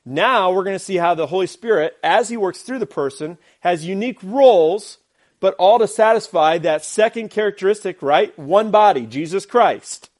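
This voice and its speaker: A man's voice: high voice, animated, moderate pace. A man preaching a sermon as pastor, emphatic, with rhetorical questions and repeated phrases. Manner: uses a glove as a prop.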